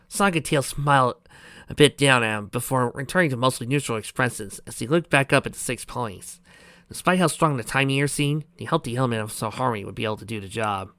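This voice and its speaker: A man's voice: mid-range voice, fast, a bit bright, dry recording, clean studio sound. A man reading a fan fiction story aloud and breaking off into sarcastic commentary. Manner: sarcastic, ranting asides.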